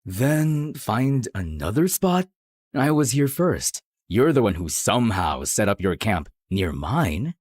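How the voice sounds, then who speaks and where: An actor playing a blunt, sarcastic young man in an animated story, teasing dryly and turning quietly reflective when he speaks of his past. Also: on the low side, slow pace, heavily acted.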